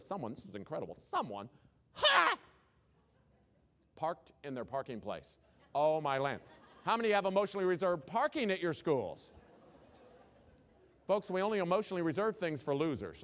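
A man delivers a humorous conference keynote in a fairly high voice. He keeps it animated and keeps putting questions to the audience. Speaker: keynote speaker.

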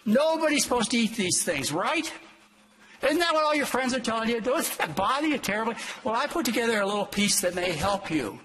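An older man, a doctor, lecturing an audience in an emphatic, exhortative way with sudden leaps in pitch. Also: sing-song, brisk, sharp tone, slight background noise, rough recording. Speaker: doctor giving a talk.

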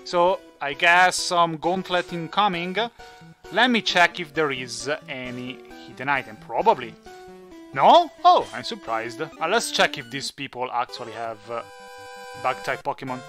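A man's voice: a little high, animated, a little slow, sharp tone, faint music behind. A man who is not a native English speaker, chatting and joking through his let's play. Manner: chatty, jokey, thinks aloud. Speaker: gaming channel host.

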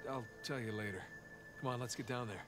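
A man's voice: mid-range voice, a little fast, a bit bright, soft background music, natural voice. A man playing a wry treasure hunter. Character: wisecracking adult male treasure hunter. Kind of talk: video game dialogue.

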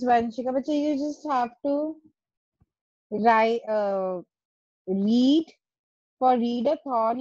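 A woman's voice: a little high, dark tone, no echo. A woman teacher, giving instructions to her class over a video call and repeating herself to make her point. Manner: firm, repeats and rephrases instructions. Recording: muffled lo-fi call audio.

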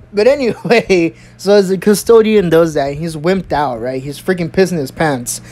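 Early 20s vlogger swearing a lot, rambling and animated, mid pitched. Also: moderate pace, few pauses. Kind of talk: storytime vlog.

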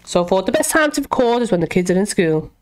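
This young gaming YouTuber is very animated and fast in her horror-game let's-play, chatting to herself, reacting, and shrieking at scares. Her mid-range voice has a slightly mellow quality.

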